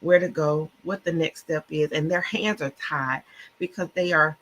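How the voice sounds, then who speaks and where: A woman's voice: sits low, fairly even intonation, normal speed, fairly bright tone, slight background noise. A woman guest co-author on a faith-filled podcast, talking with passion, sometimes stumbling over words and admitting she stutters. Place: Clubhouse-style online audio room.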